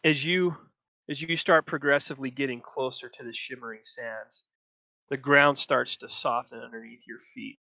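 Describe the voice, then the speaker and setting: A man narrating a tabletop game as game master, slow and descriptive. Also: mid-range voice, fairly even intonation, gravelly, pushed and bright, no room sound, highs cut off.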